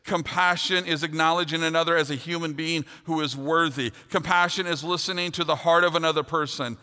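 A man's voice: a little high, steady tone, brisk, sharp tone. A middle-aged man preaching a sermon, earnest and then telling a funny personal story. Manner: earnest, builds to humorous storytelling. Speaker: pastor. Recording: long hall reverb.

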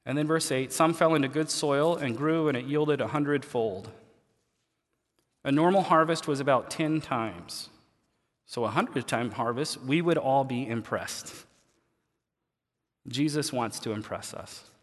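A man preaching a sermon as pastor, folksy and colloquial, moving between quiet asides and loud emphatic lines. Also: medium pitch, unhurried, pauses often. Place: church sanctuary. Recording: long hall reverb.

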